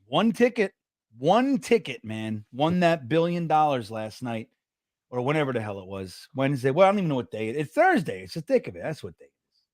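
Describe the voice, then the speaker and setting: A man from New Jersey hosting a casual sports livestream, a loud, excitable storyteller who laughs often. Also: mid-range voice, fairly quick, no echo, clean studio sound. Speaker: podcast host.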